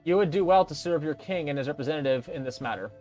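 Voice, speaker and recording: A man's voice: on the high side, fast talker, darkish tone, soft background music, close to an everyday voice. A man reading out the lines of a haughty, condescending male colonial governor in a pompous, commanding way. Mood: imperious.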